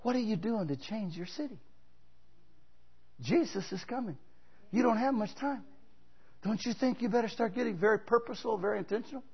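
Husky, high-voiced male preacher. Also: expressive, brisk, pauses often, highs cut off. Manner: emphatic, exhorting, storytelling preacher. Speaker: pastor. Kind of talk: sermon.

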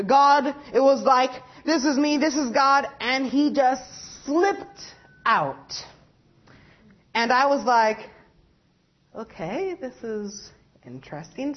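A young woman giving a personal religious testimony, rambling and halting, with many fillers and self-corrections. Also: fairly high pitch, lo-fi sound. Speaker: lay preacher giving testimony.

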